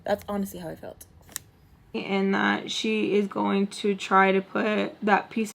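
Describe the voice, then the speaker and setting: A young woman vlogger telling a personal story in casual, animated chat, full of "like". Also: medium pitch, unhurried, vocal fry. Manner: animated, chatty, peppered with "like".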